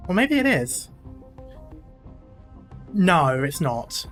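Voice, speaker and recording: A streamer chatting loosely through a playthrough, drifting off topic and laughing along the way. The voice sits at a middling pitch. Soft game music plays faintly underneath. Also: sing-song, very slow. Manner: chatty, rambling, laughs often. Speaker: gaming streamer. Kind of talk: casual playthrough commentary.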